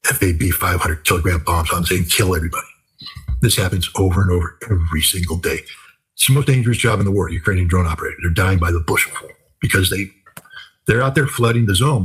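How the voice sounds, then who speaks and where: A man's voice: sits low, fairly bright tone, slightly rough, low-quality recording. An older man talking in a casual interview, telling stories in an emphatic, repetitive way. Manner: emphatic, repetitive, vivid storytelling. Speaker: commentator.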